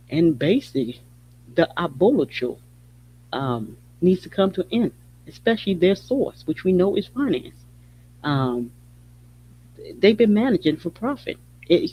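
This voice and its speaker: A man delivers a fired-up podcast rant, blunt and repetitive, swearing as he pushes his point. His voice sits at an ordinary middle pitch. The recording is a bit muffled, with a faint hum underneath. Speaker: podcast host. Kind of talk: impassioned political commentary. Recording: slightly dull audio with faint hum.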